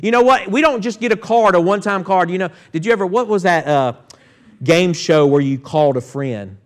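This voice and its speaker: A man preaches in a church sanctuary. His voice sits a little high for a man. He reads Scripture aloud and often turns to call out to the congregation. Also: brisk. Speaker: pastor. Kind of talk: sermon.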